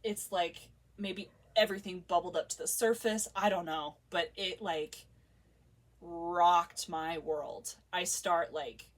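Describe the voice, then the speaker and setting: A woman's voice: on the low side, fairly bright tone, recorded from a distance. A woman vlogger telling a personal story in a casual, emotional, heartfelt way, full of filler words.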